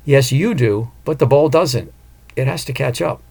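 A man voicing a calm, cunning female psychic who talks patiently and persuasively, in an audiobook. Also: medium pitch, moderate pace, vocal fry. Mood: probing.

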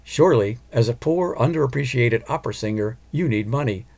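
A man's voice: medium pitch, expressive, brisk, creaky, a little mellow. A man voicing a haughty, threatening veiled woman in an audiobook, with a commanding, pushy manner. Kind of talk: audiobook character voice.

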